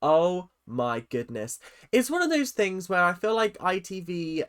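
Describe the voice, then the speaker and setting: A young British man gives casual commentary straight to his viewers, sassy and animated. His voice sits a little high for a man. He sounds like a YouTuber recapping a reality show. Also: measured pace, clear, resonant tone.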